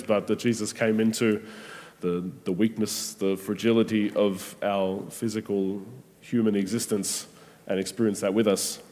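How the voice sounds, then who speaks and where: A man giving a gentle, conversational sermon reflection with frequent pauses and restarts. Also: lowish voice. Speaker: preacher. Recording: long hall reverb.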